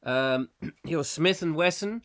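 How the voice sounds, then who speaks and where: A man's voice: fairly high pitch, slow, fairly bright tone. A middle-aged English man with a cold, hosting a live comic chat show, reading out viewer comments in a rambling, playful way. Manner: playful, rambling, slips into silly put-on accents. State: has a cold, coughing.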